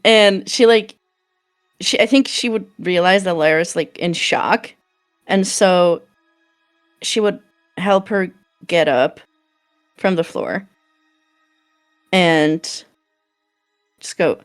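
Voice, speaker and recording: A woman describing her character's actions in a tabletop game, animated and casual. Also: fairly low pitch, slow, pauses often, smooth, soft background music. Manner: animated, swearing, giggly. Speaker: player. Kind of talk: tabletop role-play chat.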